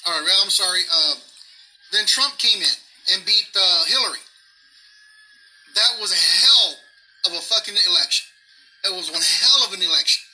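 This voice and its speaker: A man's voice: high voice, expressive, moderate pace, long pauses, bright, forceful tone, poor audio. A man delivering an angry political rant outdoors, swearing heavily and repeating himself for emphasis. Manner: heavy swearing, emphatic and repetitive. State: pissed off. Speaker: vlogger. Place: outdoors near grass.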